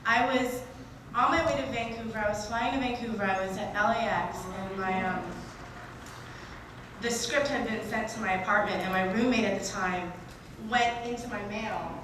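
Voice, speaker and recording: A woman actor on a convention panel, telling stories in a lively, emotional, casual way. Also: mid-range voice, moderate pace. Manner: animated, emotional storytelling with laughs. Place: large convention hall. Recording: echoey noisy hall from far off.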